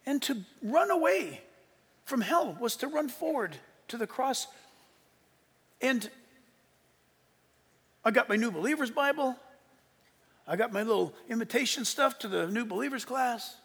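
An older man in his sixties preaches in a rather high voice, telling his story earnestly. He drops to a hush and then rises to emphatic peaks. A long reverb from the hall trails behind every phrase. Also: animated, measured pace, long pauses, husky. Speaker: pastor. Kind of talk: sermon.

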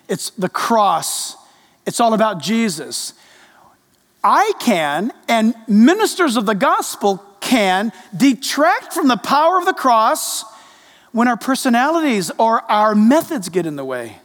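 A male pastor preaching a sermon in a church, animated and speaking directly to the congregation. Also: extremely high pitch, measured pace. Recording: echoey reverb of a large hall.

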